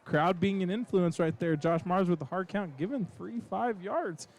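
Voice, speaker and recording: A man doing color commentary for high school football, chatty and joking, with plenty of fillers. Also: moderate pace, a little mellow.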